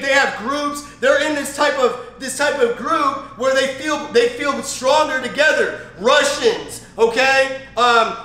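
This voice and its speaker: A man with a bright, forceful voice gives a loose motivational training talk, repeating himself and stacking fillers as he drives his points home. The recording sounds roomy and echoey. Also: very high voice. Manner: rambling, repetitive, emphatic, with many fillers and restarts. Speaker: network marketing trainer. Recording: roomy echo.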